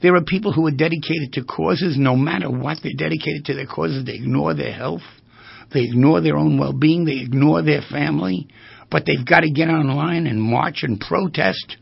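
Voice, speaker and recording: A man speaking as a therapist in a lecture-style monologue, animated and full of rhetorical questions, with a gravelly, husky voice. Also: on the high side, normal speed, no echo. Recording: dull lo-fi recording.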